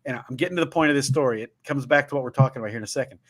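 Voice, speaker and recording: A man's voice: mid-range voice, very fast, a bit bright. A man with a Southern Ohio accent, hosting a casual livestream talk and telling rambling, folksy stories. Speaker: show host.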